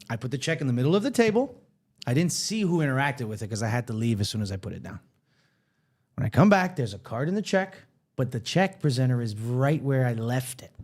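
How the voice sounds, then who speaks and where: Animated man telling a story. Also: mid-range voice. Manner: animated, acts out quoted voices. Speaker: podcast co-host. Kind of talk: casual storytelling.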